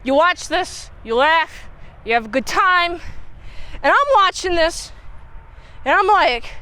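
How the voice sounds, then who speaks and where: A woman recapping a movie in a casual chat, animated and playfully mocking, bursting into squealing impressions. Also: very high voice, slow, long pauses. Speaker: movie reviewer.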